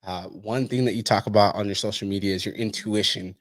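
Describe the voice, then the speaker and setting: A man's voice: lowish voice, fairly even intonation, fairly quick, no echo, clean studio sound. A man hosting an interview, a coach who talks bluntly and swears freely. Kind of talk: casual interview chat.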